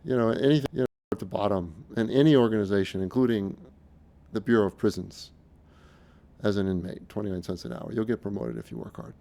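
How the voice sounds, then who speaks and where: A middle-aged man talking in a casual, unscripted monologue, earnest and halting, often restarting his sentences. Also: fairly low pitch, expressive, gravelly, dark tone. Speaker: speaker recounting his experiences.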